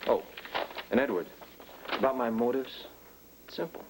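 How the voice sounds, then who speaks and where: A man's voice: medium pitch, moderate pace, background noise, lightly acted. An actor playing a breezy, cocky young man in a daytime soap, talking in a flippant way.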